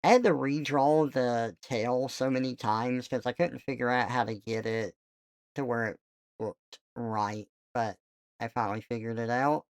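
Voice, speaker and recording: A woman streamer chatting casually while drawing, laughing often and squealing high when she quotes others. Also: fairly even intonation, measured pace, darkish tone, no echo, studio quality.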